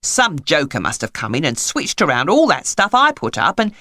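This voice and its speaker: A woman's voice: sits low, huge pitch swings, moderate pace, sharp tone, dry recording, exaggerated voice. A flustered suburban husband, aggrieved and trailing off, as a woman narrator puts him on. He is lightly acted and close to her own voice. The studio is dry.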